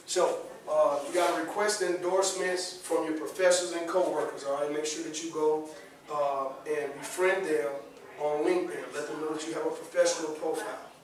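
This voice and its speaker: A man leading a career skills workshop for students, lively and checking in with the room after nearly every point. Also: on the high side, normal speed. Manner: lively, asks the audience often, repeats "all right?" and "okay?". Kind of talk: classroom workshop talk. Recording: very echoey room, voice from far off the mic.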